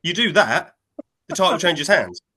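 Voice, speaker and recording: A man, co-hosting a casual wrestling chat and retelling a match in an animated way, jumping into quoted voices. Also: on the high side, moderate pace, a little hiss or hum. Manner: animated storytelling, acting out quotes in shifting voices. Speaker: wrestling podcast co-host.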